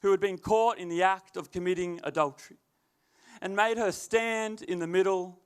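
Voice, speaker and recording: A man's voice: high-pitched, moderate pace, clear, resonant tone. A young man, a youth leader telling a chatty, laughing story before a sermon. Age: young adult. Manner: laid-back, laughing often, chatty filler words.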